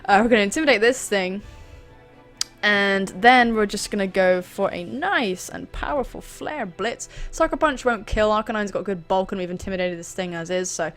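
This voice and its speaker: Bright-voiced woman commentating a game. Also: mid-range voice, moderate pace, soft background music. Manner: chatty, self-deprecating, sudden excited screams. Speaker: gaming channel host. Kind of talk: live battle commentary.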